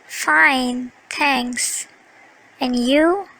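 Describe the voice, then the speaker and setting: A woman's voice: high-pitched, fairly even intonation, slow, creaky, bright, forceful tone, a little hiss or hum, exaggerated voice, poor audio. A woman voicing a young student in a dialogue. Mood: casual.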